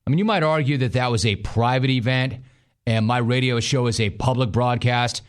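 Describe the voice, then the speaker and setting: A man's voice: mid-range voice, normal speed, smooth. A middle-aged man hosting sports talk radio from a studio, emphatic and sardonic, hammering his points with repetition.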